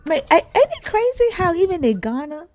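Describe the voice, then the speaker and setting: A woman with a Southern US accent hosts a livestream where she casually debates callers, pressing one with blunt, profane questions. Her very high voice is sing-song, a little fast and somewhat mellow, with no room sound.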